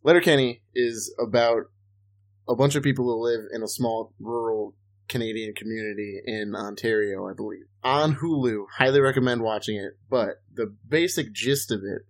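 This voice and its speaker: Just a guy on a podcast rambling about a show, swears a lot, mid-pitch, lots of likes and ums. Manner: rambling, profane, loose storytelling with lots of fillers. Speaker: podcast co-host. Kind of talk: casual chat.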